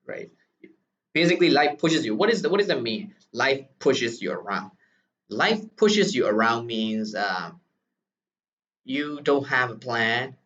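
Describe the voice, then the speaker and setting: A native Burmese speaker from Myanmar teaches a lesson in English with a Burmese accent, explaining step by step and ending sentences with "right?" His voice is fairly low and a bit bright, heard through a distant, dull lo-fi recording.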